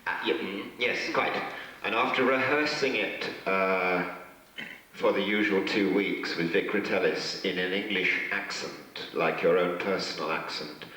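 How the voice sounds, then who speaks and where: A man's voice: sits low, measured pace, sharp tone. A man, a guest actor at a fan convention, telling rambling, joking anecdotes with chuckles during a Q&A. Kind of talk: convention Q&A storytelling. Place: hotel function room. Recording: echoey hall from far off.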